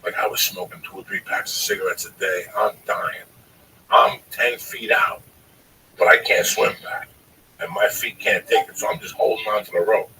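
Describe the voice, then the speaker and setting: A man telling a long, profane, animated story on a podcast, often calling his listener by name. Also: fairly low pitch, moderate pace, creaky, distant mic, a little hiss or hum, poor audio. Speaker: storyteller guest.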